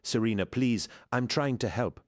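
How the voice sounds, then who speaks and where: A man's voice: moderate pace, natural voice. A man voicing a passionate male artist who speaks with urgent, exasperated energy. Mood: pleading. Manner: exasperated, urgent, raised pitch.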